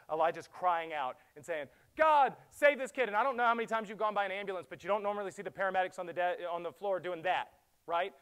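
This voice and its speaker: A middle-aged man, a pastor, preaching a sermon that swings from loud urgent pleading to hushed, quiet passages. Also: fairly high pitch, clear, resonant tone.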